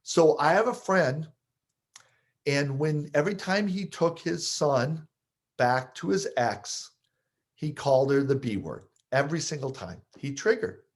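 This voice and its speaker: A man coaching listeners on triggers, explaining with lively stories he partly acts out. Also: fairly high pitch, a little slow. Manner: animated storyteller, acts out scenes. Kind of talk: explaining with stories, podcast talk.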